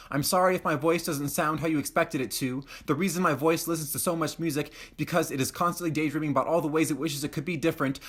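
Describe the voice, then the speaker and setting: Young man, quick pace, slightly high voice, earnest self-deprecating poem. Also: fairly bright tone. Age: young adult. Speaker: spoken word poet. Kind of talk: spoken word poetry.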